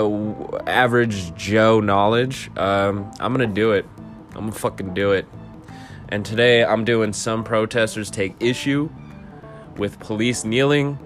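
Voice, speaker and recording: A man with a lowish, monotone voice hosts a casual political podcast. He rambles in a laid-back way, breaking off into asides as he reads an article, with faint guitar music behind him. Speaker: podcast host.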